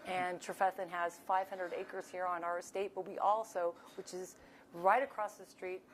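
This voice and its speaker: A woman who serves at a winery tasting bar, telling lively stories and acting out her customers' voices. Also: on the low side, normal speed, slight background noise. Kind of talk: anecdotal storytelling.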